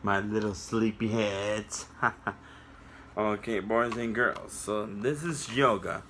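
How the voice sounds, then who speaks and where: A young man reading a picture book aloud to children, breaking off to talk to them directly in a sing-song, animated way. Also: fairly low pitch, slow, a little hiss or hum. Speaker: children's story reader.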